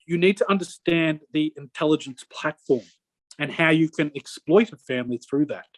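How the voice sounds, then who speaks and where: A man's voice: a little high, no echo. A middle-aged man giving a rambling interview account, stopping and restarting often. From Australia. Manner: rambling, halting with many restarts. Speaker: interview guest. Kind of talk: conversational personal account.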